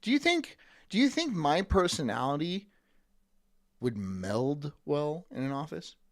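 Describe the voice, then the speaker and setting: A male streamer rants in a sarcastic, profane voice. His pitch swings widely from low grumbles up to mocking highs. He breaks into scornful voices as he goes. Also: big pitch swings, measured pace. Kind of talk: live-stream rant.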